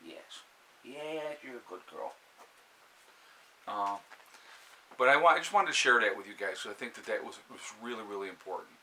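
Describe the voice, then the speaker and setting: Calm, bright-toned New York man. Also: on the low side, fast, poor audio. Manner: calm, steady advice with frequent fillers and restarts. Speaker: prepper channel host. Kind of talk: casual live-stream talk to viewers. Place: indoors by a fire, with a cat nearby.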